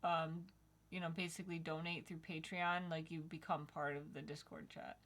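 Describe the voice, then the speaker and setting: A woman's voice: deep voice, flat delivery, moderate pace, fairly bright tone. A young woman co-hosting a casual livestream, reading viewer comments aloud and chatting. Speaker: livestream co-host reading chat.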